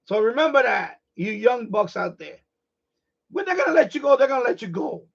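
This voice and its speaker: A middle-aged man hosting a live stream, ranting in a blunt, profane, animated way in casual chat. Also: extremely high pitch, a little fast, creaky, husky, dull audio.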